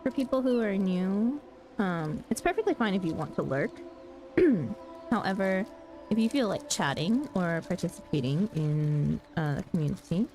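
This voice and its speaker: A woman streamer, not a native English speaker, chatting in a friendly way with viewers and often clearing her throat. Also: mid-range voice, expressive, moderate pace, darkish tone. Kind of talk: casual chat with viewers. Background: background music.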